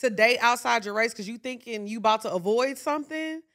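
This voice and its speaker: Young woman, bright sharp voice, cracks jokes and chimes in a lot. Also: fairly high pitch, lively intonation. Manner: quick reactions, teasing, joking interjections. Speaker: podcast co-host. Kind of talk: casual chat.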